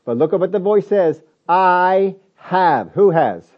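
A man's voice: high voice, lively intonation, fairly quick, breathy edge, highs cut off. A man preaching a sermon, emphatic and repetitive, asking rhetorical questions of his listeners.

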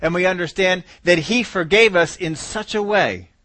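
A man's voice: high voice, normal speed, a bit bright, dry recording. A male preacher giving a sermon, driving points home by repeating key words and numbers.

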